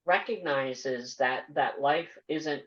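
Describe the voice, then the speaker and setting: A woman hosting a podcast interview, earnest and measured as she asks questions and comments. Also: low-pitched, fairly bright tone. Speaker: podcast host. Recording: dull lo-fi audio.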